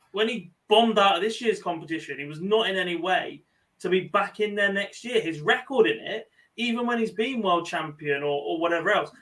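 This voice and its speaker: An English man with a high, bright voice and a blunt, sarcastic way of talking. He sounds a little distant from the microphone. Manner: blunt, sarcastic, quick-witted. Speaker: podcast co-host. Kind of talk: casual banter.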